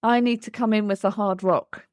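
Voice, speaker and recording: A woman's voice: mid-range voice, fairly even intonation, normal speed, a little mellow, clear, resonant tone, dry recording. A woman, a play therapist co-hosting a podcast, explaining her approach in an earnest, thoughtful conversation. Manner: earnest, explains with acted examples of what she says to children.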